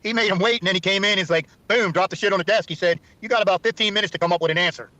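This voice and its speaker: A man in a casual group chat, telling stories excitedly and talking over others. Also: sits high, racing, no room sound.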